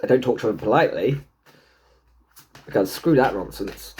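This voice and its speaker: A man does a casual tarot reading to camera at normal speed, with slight hiss or hum on the recording. A tarot and numerology reader, he is chatty, swears freely, jokes to himself and talks back to the universe. His pitch is lively and swoops high into silly put-on voices.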